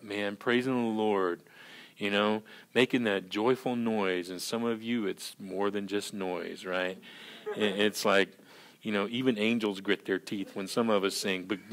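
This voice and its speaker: A male pastor giving a sermon in a lively, conversational way, full of "you know" and "right", often acting out scenes. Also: fairly low pitch, unhurried. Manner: animated, acts out scenes in character voices.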